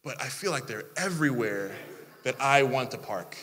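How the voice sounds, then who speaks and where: Animated preacher man in a reverberant hall. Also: medium pitch, moderate pace. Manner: animated, mock-complaining asides. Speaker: pastor. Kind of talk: sermon. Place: church hall.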